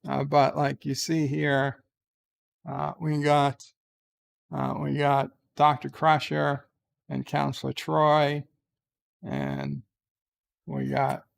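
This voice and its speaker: A man tells a rambling story in a casual vlog. He speaks slowly in a gravelly voice a little above the usual pitch. Fillers and restarts run through his talk. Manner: rambling, slow, filler-heavy. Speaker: vlogger.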